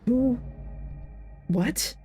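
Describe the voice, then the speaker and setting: A woman's voice: a little high, drawn-out words, warm tone, husky, faint music behind, voice pushed up, full character voice. A woman voicing a bloodied, ghostly young male hitchhiker who speaks in a choked, gasping way. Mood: choking.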